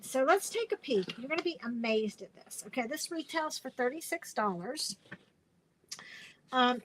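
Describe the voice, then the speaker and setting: A woman's voice: sits high, fairly bright tone, slight background noise, poor audio. A woman hosting a casual craft live stream, chatty and rambling, with lots of fillers and restarts, and she sounds tired.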